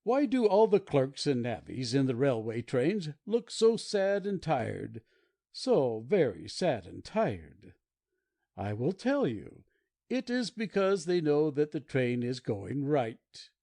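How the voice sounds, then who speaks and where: A man's voice: mid-range voice, sing-song, slow, gravelly, warm tone, dry recording, studio quality, exaggerated voice. A man voicing a red-haired anarchist poet who mocks and declaims grandly, read as audiobook dialogue. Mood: declaiming.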